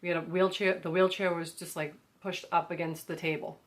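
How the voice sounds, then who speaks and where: A woman's voice: lowish voice, level tone, brisk. A young American woman casually telling a story to her viewers, full of "like" and acted-out quotes. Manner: chatty, lots of "like", acts out quotes. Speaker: vlogger.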